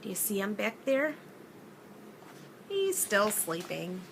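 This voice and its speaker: A woman teacher reading a children's picture book aloud in an expressive, sing-song way, asking her young listeners questions. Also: mid-range voice, slow, creaky, background noise.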